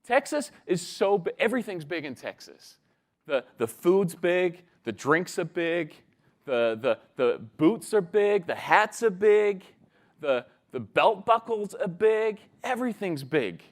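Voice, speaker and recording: A man's voice: high-pitched, very animated, a little slow. A man doing a bragging young Texan boy. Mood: boastful. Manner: breathless, eager bragging.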